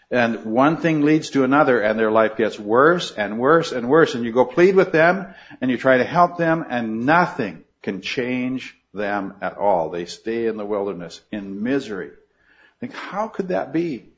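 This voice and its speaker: Male Bible study teacher, mid-pitched, earnest, quizzes the class, muffled lo-fi recording. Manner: earnest, questioning the class, frequent restarts.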